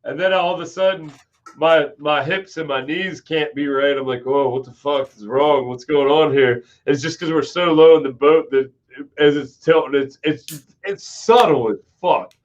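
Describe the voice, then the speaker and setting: A man with a slightly high voice tells a long drinking story, swearing freely and circling back on himself. The audio is dull and lo-fi, like a cheap stream mic. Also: normal speed. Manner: profane, rambling anecdote-telling. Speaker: host. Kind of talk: casual storytelling chat.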